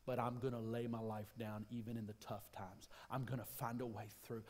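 A man's voice: fairly low pitch, steady tone, normal speed, few pauses, a little mellow. A man giving a sermon as a pastor in a church, talking conversationally and repeating his phrases. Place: church auditorium. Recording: live church sermon with long reverb.

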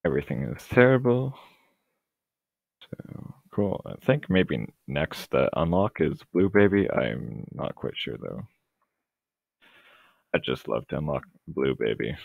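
Gravelly, very deep young man, tinny mic. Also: unhurried, no room sound. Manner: rambling, hesitant, dry sarcastic. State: losing his voice. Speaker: gameplay commentator. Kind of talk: casual let's-play commentary.

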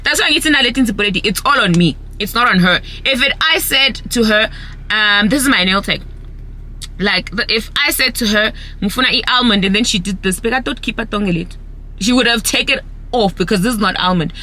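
A young South African woman chatting casually in a vlog, ranting with lively energy. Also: on the high side, a little fast, a little hiss or hum. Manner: animated, ranting, switches between English and isiZulu. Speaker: vlogger.

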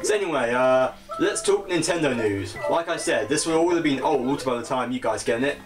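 A young British man chatting casually as he plays a video game, self-mocking and quick to laugh at his own slips. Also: mid-range voice, expressive. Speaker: gaming channel host. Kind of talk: casual let's-play commentary. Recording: game music playing behind the voice.

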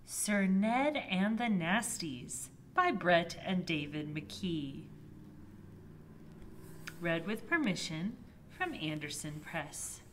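Slow, lilting storytime librarian woman. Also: lowish voice, very animated, noisy background. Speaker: children's librarian. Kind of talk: toddler storytime read-aloud.

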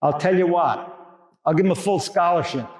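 Gruff older bronx dean cutting a deal, a new priest doing him, slow and pushy, roomy reverb. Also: male voice, high-pitched, lightly acted. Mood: blunt. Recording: echoey hall with long reverb.

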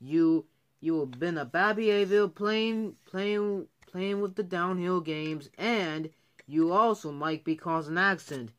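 A man's voice: high-pitched, unhurried, fairly bright tone, clear, resonant tone. A man voicing a stern, disappointed male railway boss in a homemade story, scolding sharply.

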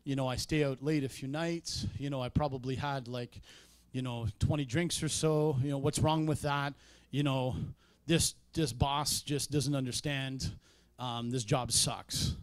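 A man's voice: mid-range voice, steady tone, unhurried, few pauses, no echo, close to an everyday voice. A man voicing a grumbling young partygoer who blames his boss, rambling in a whiny, self-justifying way. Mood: complaining.

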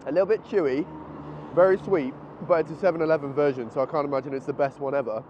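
A travel vlogger walks city streets with a handheld camera and stops in a convenience store, chatting excitedly and thinking aloud while a bit out of breath. He talks fast in a voice on the high side, and the muffled outdoor camera audio picks up street noise.

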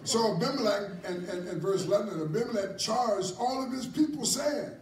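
A man preaching a Bible class in a church hall, animated and repetitive, often chuckling. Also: sits high, normal speed. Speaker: apostle teaching a ministry class. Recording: echoey hall from far off, faint noise.

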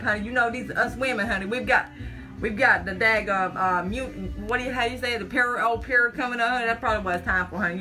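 A woman's voice: mid-range voice, pushed and bright. A woman chatting on a live stream from her phone at home, selling makeup in a folksy, nervous way, calling everyone "honey" and "child.". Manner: jittery, talks through nerves. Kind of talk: casual live-stream chat.

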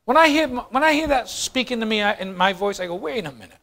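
A man preaching a sermon as pastor, swinging from quiet, low lines to fast, loud bursts. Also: expressive.

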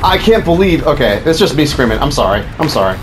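Frantic high-voiced man yelling at a game. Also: very animated. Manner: frantic swearing and yelling at enemies; repeats words in rapid bursts. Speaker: gaming channel host. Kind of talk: gameplay commentary. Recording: game music behind the voice.

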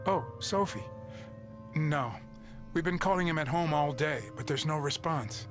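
An actor voicing a calm grown-man supervisor who is a helpful colleague, speaking in a steady, obliging way. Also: a little high, unhurried, natural voice. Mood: concerned. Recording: game scene with music behind.

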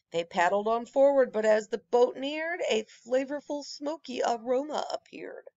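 A woman reading a rhyming children's picture book aloud with an expressive, rhythmic delivery. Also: on the high side, no echo, highs cut off. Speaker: storyteller.

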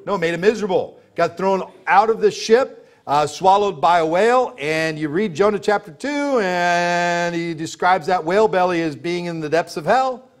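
A man's voice: high-pitched, moderate pace. A man preaching a sermon as pastor, emphatic and full of rhetorical questions, laughing as he tells stories.

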